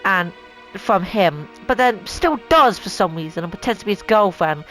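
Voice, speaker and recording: A woman's voice: mid-range voice, expressive, normal speed, a bit bright, soft background music, low-quality recording. A woman hosting a casual opinion rant at home, rambling, swearing a lot and sounding exasperated. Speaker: channel host. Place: home room.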